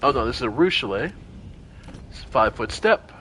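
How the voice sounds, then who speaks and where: Animated man calling out party moves. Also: medium pitch, fairly quick, noisy background. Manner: talks through party turns aloud, animated exclamations. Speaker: game streamer. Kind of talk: casual gameplay commentary.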